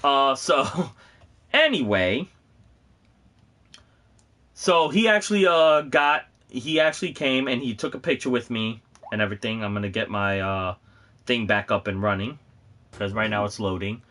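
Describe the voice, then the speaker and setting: A man hosting a casual livestream, rambling excitedly and often breaking into laughter. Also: medium pitch, a little slow, long pauses. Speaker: host of a gaming and cosplay channel.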